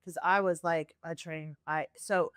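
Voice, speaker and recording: A woman's voice: deep voice, measured pace, clear, resonant tone, dry recording, clean studio sound. A woman guest on a podcast telling her personal story with feeling, acting out the voices she quotes. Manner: earnest, animated, acts out quoted voices.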